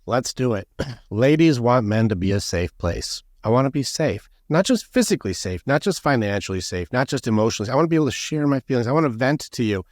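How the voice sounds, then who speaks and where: Male podcast guest, mid-pitched, blunt and lively, slips into quoted voices, dry studio sound. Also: fast, no echo. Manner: animated, acts out quoted voices, blunt and profane. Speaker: guest, men's coach. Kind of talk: podcast conversation.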